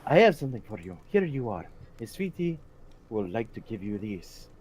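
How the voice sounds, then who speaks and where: A man's voice: lowish voice, very animated, normal speed, a little mellow, a little hiss or hum. A man putting on a sly cat merchant voice. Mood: wheedling. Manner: wheedling sales patter. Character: sly male tabaxi cat merchant, pushy haggler.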